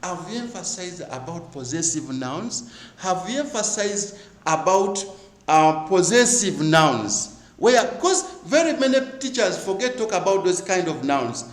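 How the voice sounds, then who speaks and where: A man's voice: high-pitched, very animated, unhurried, echoey room, poor audio. A male teacher giving an exam review lesson, asking rhetorical questions and repeating key words for emphasis.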